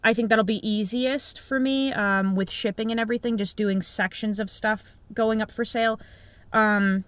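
A woman's voice: a little high, fairly even intonation, normal speed, dry recording. A young adult woman vlogger from the United States chatting casually to camera, blunt and rambling, with frequent filler words and casual swearing. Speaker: knife reviewer and vlogger.

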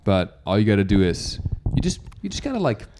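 A man from Germany hosts a casual, uncensored podcast in a fairly low voice. He teases his guest with provocative hypotheticals and swears freely, keeping the tone loose and cheeky. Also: big pitch swings, a little fast, background noise. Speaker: podcast host.

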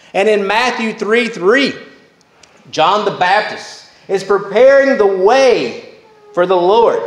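A male pastor preaching a Baptist sermon, slow and emphatic, with repeated refrains. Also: high-pitched. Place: church sanctuary. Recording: echoey church sanctuary.

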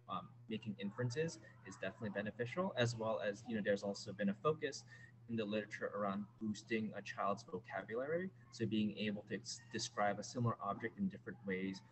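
A man with a lowish voice speaks as an educator on a school panel. He explains research in a measured way, with many fillers. There is clear noise behind him. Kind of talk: panel discussion answer.

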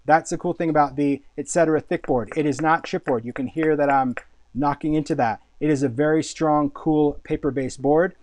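A man's voice: a little high, fairly even intonation, moderate pace, darkish tone, no room sound. A man hosting a casual live product showcase, talking with enthusiasm, chatty and often repeating words as he thinks. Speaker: host and product designer.

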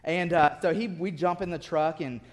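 Animated storytelling pastor, a fairly high-voiced man. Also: normal speed. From city-raised. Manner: animated, laughing storyteller, drops to quiet intensity. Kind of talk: sermon with storytelling. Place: church sanctuary. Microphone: lectern mic at a podium.

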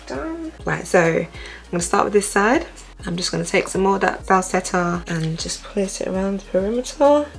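A woman's voice: mid-range voice, normal speed, vocal fry, soft background music. A young woman chatting casually through a hair tutorial, talking into a phone at home. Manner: relaxed, chatty, step-by-step. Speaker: hair vlogger.

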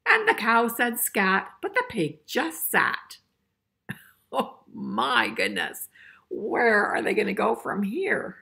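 An older woman's husky, gravelly voice carries a picture-book read-aloud for children. She sits a little high in pitch and takes her time, playful and full of small chuckles as she invites her listeners to join in. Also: lively intonation, takes it slowly, pushed and bright. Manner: playful, asks the listener questions, chuckles often.

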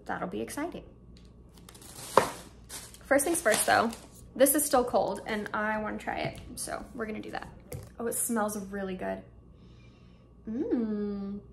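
A woman's voice: mid-range voice, moderate pace, vocal fry, pauses often, noisy background. A young woman vlogging at home, chatting eagerly about her shopping haul and thinking aloud as she tastes snacks. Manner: chatty, excited, thinks aloud while tasting. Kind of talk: casual haul and taste-test vlog. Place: indoors at home, air conditioner running.

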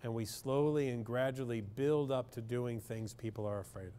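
A man's voice: medium pitch, moderate pace, dark tone, slight background noise. A man, a clinical psychologist, speaking bluntly and with humor in a public talk to parents, often asking the audience questions.

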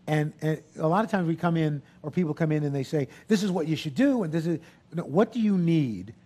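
A man in his sixties speaks in a high voice for a man, relaxed and chatty. He tells anecdotes to an audience, acting out the people he quotes, then shifts easily into business talk. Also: a little fast. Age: 60s. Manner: lively storyteller, acts out quotes. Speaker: guest speaker. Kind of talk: animated anecdotes on stage. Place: event hall with audience.

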